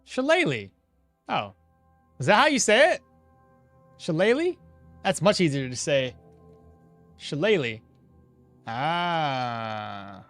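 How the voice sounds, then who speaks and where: Lively, chuckly gamer man thinking aloud. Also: medium pitch, takes it slowly, dry recording, faint music behind. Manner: thinks aloud, chuckles often, answers chat. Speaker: streamer playing a game. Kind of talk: casual gameplay commentary.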